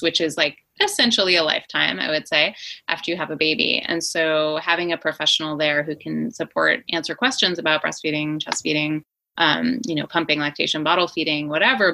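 A middle-aged woman speaks as an interview guest, eager and quick, full of restarts. Her voice sits a little low but rings bright and forceful. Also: creaky, rough recording. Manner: enthusiastic, quick, fillers and restarts. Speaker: guest, company founder. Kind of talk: conversational interview.

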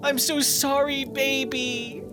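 A woman's voice: high voice, little pitch movement, slow, over music. A woman playing a gushing, melodramatic mother home for Christmas in an improvised comedy scene.

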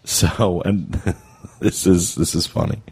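A man hosting a podcast, speaking in a halting way full of fillers and restarts. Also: sits low, gravelly, darkish tone, a little hiss or hum. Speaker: podcast host. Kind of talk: casual podcast talk.

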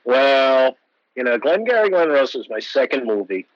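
A man in his sixties, an actor guest telling animated anecdotes and acting out the voices of people he quotes. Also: mid-range voice, normal speed, no room sound, muffled recording. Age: 60s. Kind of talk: storytelling interview.

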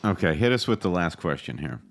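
A man's voice: low voice, big pitch swings, fairly quick. A man co-hosting a podcast in casual chat, wry and confident. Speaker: podcast co-host.

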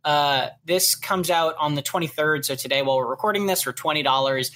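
A man's voice: on the high side, brisk, pushed and bright, a little hiss or hum. Guy rambling about games on a podcast, lots of likes and ums. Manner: rambling, filler-heavy. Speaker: podcast co-host. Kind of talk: casual chat.

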